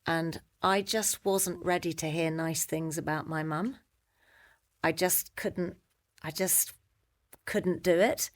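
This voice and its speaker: A middle-aged British woman, a guest in a conversation, telling a personal story in an animated way and acting out the voices she quotes. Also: fairly low pitch, slow. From Britain.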